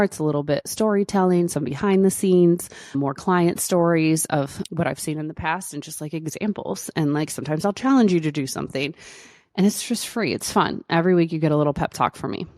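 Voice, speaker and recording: Chatty low-voiced woman podcast host. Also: a little fast, no room sound, clean studio sound. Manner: chatty, lots of fillers, animated retelling. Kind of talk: casual solo podcast storytelling.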